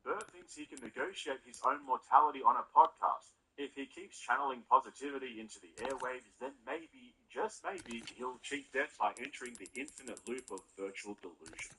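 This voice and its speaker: Male commentary narrator, snarky and mocking, mid-pitched, hiss-laden recording. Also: brisk, few pauses, sharp tone, poor audio. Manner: sarcastic, mocking. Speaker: commentary video host.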